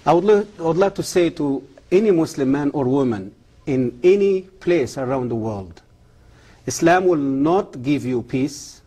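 A man gives an earnest testimony in halting, ungrammatical English, with a husky, mellow voice that sits slightly high for a man. He speaks as an interview guest, pleading directly with the listener. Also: expressive. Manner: earnest, halting non-native English grammar; preacherly appeal to the camera. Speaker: guest, former Islamic professor.

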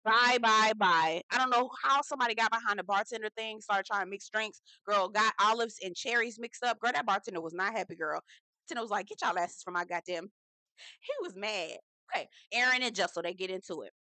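A woman's voice: mid-range voice, quick pace, pushed and bright, no echo. A woman giving a casual, slangy reality TV recap, swearing freely, laughing at her own points and calling the listener "girl".

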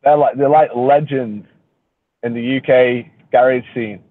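A man's voice: mid-range voice, fairly even intonation, measured pace, no echo, narrow, tinny audio. A man hosting a casual live stream from a car, joking, laughing and swearing casually. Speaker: reefing channel host. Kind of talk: casual live-stream chat while driving. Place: car on the road.

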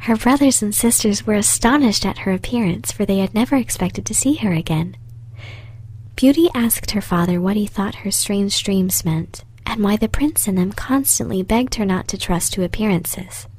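Soft whispery lady reading a fairy tale, slow and soothing, breathy. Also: mid-range voice. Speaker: storyteller. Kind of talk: whispered storytelling.

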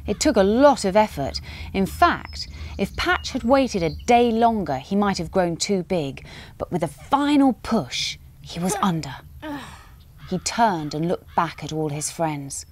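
A woman narrating a children's storytime, expressive and dramatic, dropping to a hush at tense moments. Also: mid-range voice, a little slow.

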